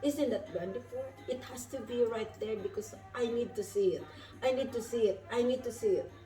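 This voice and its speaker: A woman's voice: fairly high pitch, brisk, mellow, reverberant, distant mic, faint music behind, low-quality recording. A woman vlogging from inside a moving car, effusive and spiritual, often asking her viewers "isn't that wonderful". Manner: effusive, repeats questions to viewers. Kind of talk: spiritual travel vlog.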